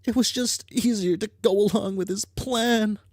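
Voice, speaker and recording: Reader doing a sharp-tongued troll girl from a webcomic, blunt and dry, close dry mic. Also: medium pitch, moderate pace, dry recording, voice pushed up, lightly acted. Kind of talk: reading comic dialogue aloud.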